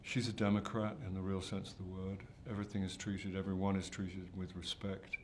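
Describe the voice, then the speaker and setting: An older actor at a press junket answers interview questions hesitantly and self-deprecatingly, restarting often. His deep voice shows little pitch movement and moves fairly quickly, with a little hiss or hum in the audio.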